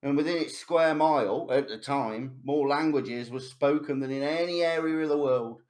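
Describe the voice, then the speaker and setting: A man's voice: on the high side, a little mellow. A man running a tabletop game as game master, reading a long lore passage aloud with frequent restarts and fillers. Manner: halting, reads lore aloud with many restarts.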